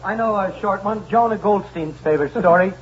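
A man's voice: sits high, brisk, noisy background. A man on a radio panel telling a short joke in a punchy way. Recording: dull old radio broadcast.

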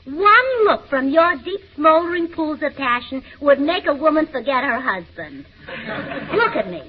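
A woman's voice: sits high, very animated, normal speed. A woman in a 1940s radio comedy, chirpy, scatterbrained and giggly. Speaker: comedy show co-star. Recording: dull old radio broadcast.

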